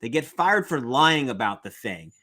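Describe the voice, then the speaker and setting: A man hosting a podcast in casual chat, jokey and quick to act out quotes. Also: mid-range voice. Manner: lively, jokey, quotes himself and others. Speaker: podcast host.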